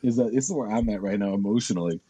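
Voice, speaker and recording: A man's voice: lowish voice, rapid-fire, mellow, breathy edge. A man co-hosting a casual comedy podcast, ranting in frustration with heavy swearing. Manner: profane, ranting, exasperated. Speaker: podcast co-host.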